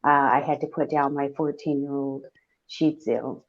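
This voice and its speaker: A woman's voice: extremely low pitch, steady tone, moderate pace. Chatty woman co-host on a dull line. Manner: chatty, laughs between lines. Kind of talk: casual radio chat.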